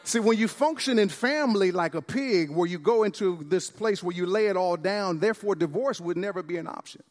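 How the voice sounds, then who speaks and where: A man's voice: sits high, a little fast, long reverb tail. A man preaching a sermon to a church congregation, exuberant and calling out to them. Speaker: pastor. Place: church service.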